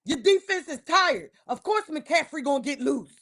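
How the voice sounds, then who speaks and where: A woman ranting about her football team on a casual livestream, heated and emphatic, repeating herself and breaking into loud outbursts. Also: high-pitched, expressive, normal speed. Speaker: livestream host. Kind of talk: casual sports rant on a livestream.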